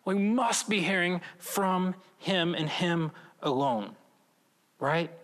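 A man's voice: high-pitched, slow pace, a bit bright, big-room sound. A young man preaching a filmed sermon in an earnest, conversational way, often checking in with "right?". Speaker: pastor.

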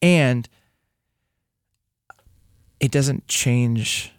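A man in casual podcast chat about faith and sports fandom, lively and repeating words as he thinks aloud. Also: medium pitch, drawn-out words, no room sound, studio quality.

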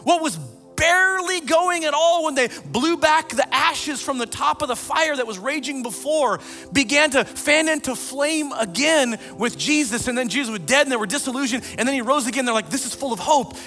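High-voiced bright pastor preaching. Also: male voice, normal speed, faint music behind. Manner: animated storytelling, quoting scripture. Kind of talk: sermon. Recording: long reverb of a large hall.

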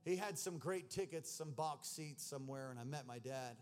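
High-voiced man preaching earnest testimony. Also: normal speed, darkish tone, soft background music. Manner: earnest, emotional storytelling. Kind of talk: sermon testimony.

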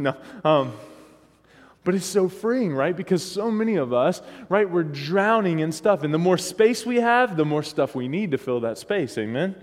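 A medium-pitched, expressive male voice belongs to a pastor preaching unhurriedly in church. He talks in a casual way and often asks the congregation for responses, and a long hall reverb fills the recording.

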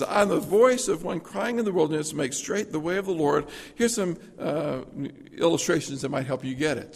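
Gravelly preacher in a reverberant hall. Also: male voice, medium pitch. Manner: expository preaching with everyday illustrations, wide swings from loud to hushed. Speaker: pastor. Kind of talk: sermon.

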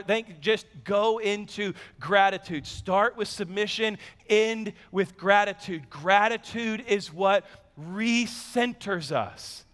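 A man in his thirties delivers a sermon in a notably high voice, telling stories from his own life with lively, self-deprecating humor. His voice rings out with the long reverb of a large church sanctuary. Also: takes it slowly. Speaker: pastor.

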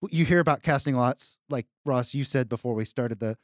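A man's voice: medium pitch, brisk, no echo. Conversational man explaining scripture, dry sound. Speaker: podcast co-host. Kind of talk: casual Bible discussion.

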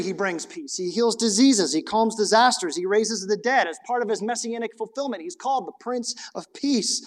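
A middle-aged male pastor preaching a sermon, reading scripture aloud and asking rhetorical questions. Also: sits high.

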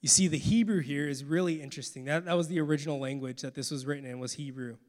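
A man preaching a sermon as pastor, earnest, moving between soft, quiet passages and forceful, loud ones. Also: a little high, fairly even intonation, quick pace. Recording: long hall reverb.

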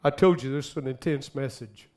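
A man preaching a sermon, swinging dramatically from hushed, slow phrases to loud bursts. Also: medium pitch. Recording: faint music behind.

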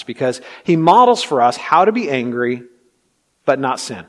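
A man preaching a sermon, swinging between loud emphatic passages and hushed ones, and acting out quotes. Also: medium pitch, big pitch swings, normal speed. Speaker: pastor.

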